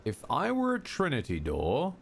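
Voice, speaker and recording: A man's voice: mid-range voice, huge pitch swings, normal speed, gravelly, slight background noise. A man streaming a game live, talking to himself with sarcastic, jokey commentary. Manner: sarcastic, jokey self-talk.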